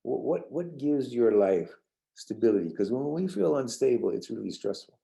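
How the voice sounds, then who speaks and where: Gravelly dark-voiced older man teaching. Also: medium pitch, animated, normal speed, rough recording. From New York suburbs. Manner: rambling, repeats words and restarts, gentle. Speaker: trainer leading a parenting workshop. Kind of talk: casual storytelling lecture.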